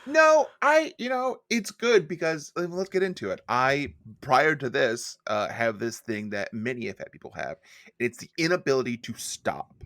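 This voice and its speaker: Casual male co-host, gravelly, dry mic, rambling self-mocking talk. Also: mid-range voice, very animated, normal speed, fairly bright tone, dry recording. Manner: rambling, self-deprecating storytelling. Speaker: podcast co-host and editor. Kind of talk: casual chat.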